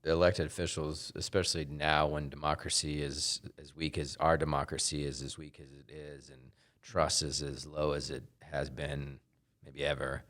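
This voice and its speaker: A man's voice: extremely low pitch, normal speed. A man, a politician from Ohio, telling stories in a casual chat as a podcast guest. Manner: animated anecdote teller, laughs often. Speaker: congressman and guest.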